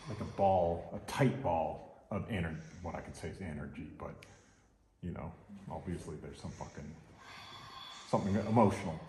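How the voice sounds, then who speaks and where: Australian male massage instructor, lowish voice, casual and salty, echoey classroom with faint hiss. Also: normal speed, pauses often, warm tone. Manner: casual, swears, laughs easily. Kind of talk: teaching while demonstrating. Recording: echoey room, faint noise.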